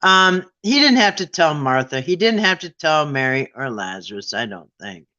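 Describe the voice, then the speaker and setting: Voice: medium pitch, very animated, moderate pace, sharp tone, highs cut off. A quiz game host in casual, playful chat, with irreverent, sarcastic asides.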